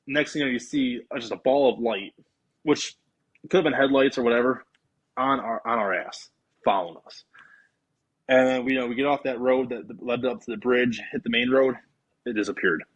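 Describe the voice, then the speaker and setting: On a podcast, a male guest spins a long, casual tale in a brisk, mid-range voice with a breathy edge. The audio has its highs cut off. He animatedly acts out his own quotes and those of his friends.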